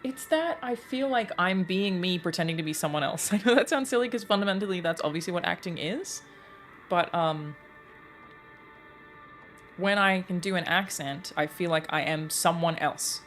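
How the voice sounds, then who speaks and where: A woman's voice: lowish voice, moderate pace, faint music behind. A woman, a voice actor giving chatty, reflective commentary while streaming a game. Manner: chatty, reflective, many fillers. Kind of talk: casual gameplay commentary.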